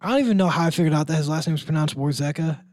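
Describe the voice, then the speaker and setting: Young man, student broadcaster, casual sports chat, rambling, slightly high voice, dry recording. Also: racing, darkish tone, no room sound. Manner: chatty, rambling, ranting with a laugh.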